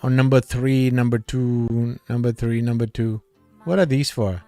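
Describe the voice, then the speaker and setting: A man's voice: medium pitch, fairly even intonation, moderate pace, dark tone, no room sound, faint music behind. A man hosting a livestream, reading viewers' comments aloud in casual chat and laughing often.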